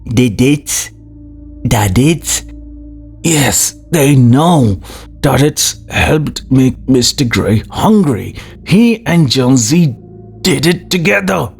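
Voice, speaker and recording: A man's voice: mid-range voice, animated, takes it slowly, gravelly, a little mellow, slightly rough, soft background music, pitched above the performer's own voice, exaggerated voice. A man voicing a sick, crafty man who whines and snarls for a drink, in an audiobook reading. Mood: whining. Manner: whining, snarling, pleading.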